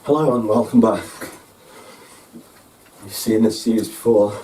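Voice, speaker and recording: A man playing a self-styled leader of a secret alliance, speaking slowly and earnestly with long pauses, from far off the mic with noise behind. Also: on the low side, dark tone, lightly acted. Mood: solemn. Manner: slow, earnest, preachy delivery with pauses. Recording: distant mic with background noise.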